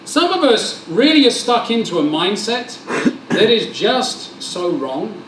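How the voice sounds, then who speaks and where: Animated preacher in a hall. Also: male voice, high voice, a little slow, a little hiss or hum. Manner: animated, joking, acts out dialogue. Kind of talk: lively sermon with storytelling. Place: church hall. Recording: roomy hall sound, mic at a distance.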